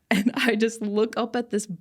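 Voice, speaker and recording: A woman's voice: on the high side, level tone, a little slow. A young woman on a podcast, telling an emotional personal story in an earnest, casual way and laughing now and then. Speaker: podcast guest.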